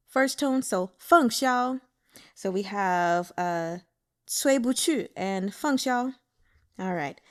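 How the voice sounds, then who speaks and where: An excitable woman hosts a casual book chat and talks about a novel she loves. She stops to coach listeners on how to pronounce names, tone by tone, in a chatty and enthusiastic way. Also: medium pitch. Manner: excitable, teaches Mandarin name pronunciation. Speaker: book club host.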